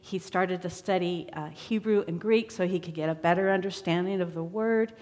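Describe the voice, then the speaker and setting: A woman's voice: on the low side, moderate pace, a little mellow. A woman giving a personal testimony sermon as a church member, telling her story in a conversational way. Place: church sanctuary. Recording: long church hall reverb.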